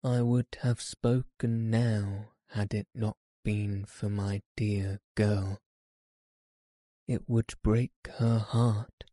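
A man voicing a weary, dying old man in a slow, grave audiobook reading. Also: lowish voice, flat delivery, warm tone, no room sound. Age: older.

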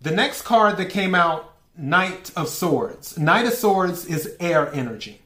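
A man's voice: sits high, animated, takes it slowly, pushed and bright. A man giving a casual tarot reading, asking for cards politely and breaking into laughter often. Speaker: tarot reader. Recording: echoey room.

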